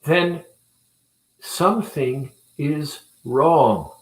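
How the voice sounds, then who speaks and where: A man who runs a weight-loss clinic, talking earnestly and deliberately to viewers in a promotional talk. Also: fairly high pitch. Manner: deliberate, earnest, speaks with pauses. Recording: roomy echo.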